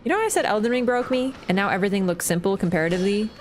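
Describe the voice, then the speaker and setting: A woman's voice: mid-range voice, rapid-fire, a little hiss or hum. A woman chatting casually through a gaming livestream, swearing freely, laughing and answering her chat.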